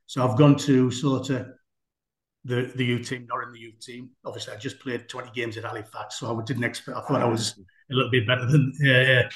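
A man's voice: medium pitch, flat delivery, a little fast, a bit bright. A man, a former footballer telling rambling anecdotes in an interview. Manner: chatty, rambling, with many fillers. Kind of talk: anecdotal storytelling in a conversation. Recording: roomy echo.

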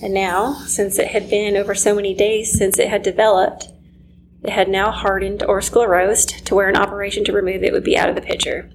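A woman's voice: medium pitch, level tone, a little fast, a little hiss or hum, rough recording. A woman, earnestly telling a personal story of loss, her voice sometimes dropping near a whisper. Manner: earnest, emotional, quiet moments near a whisper. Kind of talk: personal testimony.

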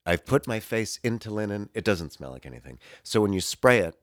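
A man co-hosting a comedy podcast, deadpan and blunt with sudden silly bursts. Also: fairly low pitch, brisk, no echo, studio quality. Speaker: podcast co-host.

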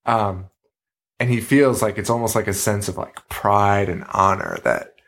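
Profane, animated man co-hosting a podcast. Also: lowish voice, measured pace. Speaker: podcast co-host. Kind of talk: casual horror movie chat.

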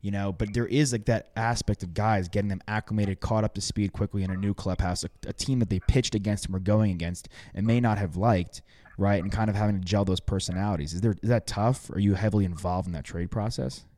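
Podcast host dude, lowish voice, long rambling questions, dry mic. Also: male voice, steady tone, a little fast, warm tone, no echo. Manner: loose, chatty, long winding questions. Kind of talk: casual interview talk.

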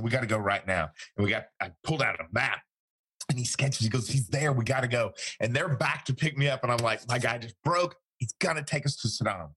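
A man's voice: fairly low pitch, fairly bright tone, slightly rough. A man, a former interrogator, telling a story in an interview and acting out the quoted dialogue.

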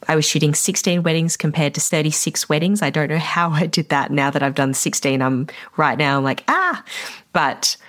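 A woman, a wedding photographer hosting a solo podcast, talking reflectively and encouragingly to fellow vendors. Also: deep voice. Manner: reflective, encouraging, a little emotional at times.

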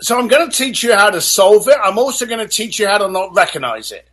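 A man guesting on an interview show, his voice pitched high and a little husky. He talks with big swings in pitch and tells stories energetically, often acting out the lines of the people in them. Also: fast talker. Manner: animated storyteller, acts out voices. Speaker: guest author. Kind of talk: motivational interview talk.

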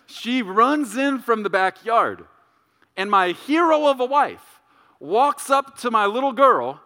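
A middle-aged male pastor preaching a sermon, telling a story and acting out voices with big jumps in pitch and volume. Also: sing-song, slow pace, pushed and bright, long reverb tail.

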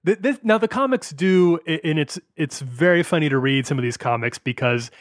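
A man's voice: a little high, animated, brisk, dry recording, studio quality. A man co-hosting a podcast in casual chat, explaining at length with many restarts. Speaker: podcast co-host.

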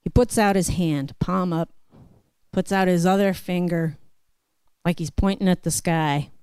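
A woman telling a personal story on stage at a live show, slow and deliberate. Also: on the low side, a little mellow, clear, resonant tone, dry recording.

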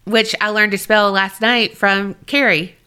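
A woman's voice: mid-range voice, steady tone, unhurried, pushed and bright, clear, resonant tone. A woman co-hosting a podcast, bubbly and blunt, laughing often. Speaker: podcast co-host. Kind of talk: casual chat.

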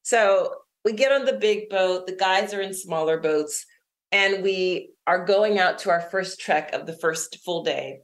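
A middle-aged woman, an interview guest and author, telling a personal story in conversation, lively and quick to laugh. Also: lowish voice.

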